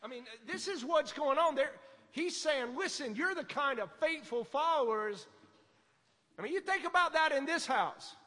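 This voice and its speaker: A man preaching a fervent sermon, swinging from quiet asides to loud exhortation. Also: very high-pitched, expressive, moderate pace, in a large hall. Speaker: pastor.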